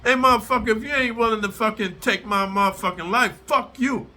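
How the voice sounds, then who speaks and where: Speaking direct to camera, a middle-aged man who hosts a prison storyteller channel rants at his audience in a profane, aggressive, confrontational way. His voice sits high, bright and forceful, and he talks a little fast.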